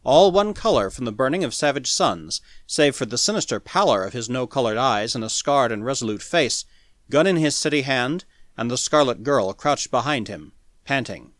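A man narrating a pulp science fiction story as an audiobook in a dramatic, animated reading. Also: mid-range voice, moderate pace, dry recording, clean studio sound.

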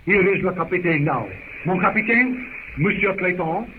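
An actor playing an excitable French naval lieutenant with a French accent, fussy and exclamatory, on a tinny old radio broadcast. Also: male voice, high voice, moderate pace, noisy background. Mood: excited.

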